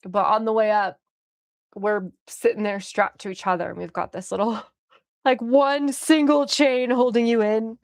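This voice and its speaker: A young woman streamer casually telling a story, animated, often laughing and swearing freely. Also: fairly high pitch, unhurried, no echo, clean studio sound.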